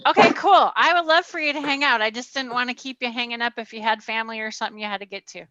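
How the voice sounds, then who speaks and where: Woman, chatty guest host, high and bright, muffled call audio. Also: fast talker, dry recording. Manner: chatty, laughs easily. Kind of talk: casual chat on a live stream.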